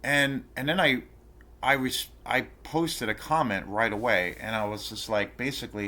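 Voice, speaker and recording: Animated and sharp-toned, a medium-pitched man on his own rant vlog talks at normal speed through an indignant story. He rambles, curses, and keeps restarting, filling gaps with fillers.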